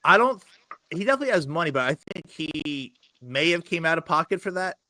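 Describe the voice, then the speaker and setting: A man sits in as a podcast guest and spins rapid, profane anecdotes, laughing as he goes. His voice is bright and forceful, and the sound is dry and close with no room around it. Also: a little high, sing-song, no echo. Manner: fast, profane storytelling with bursts of laughter. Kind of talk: casual podcast chat.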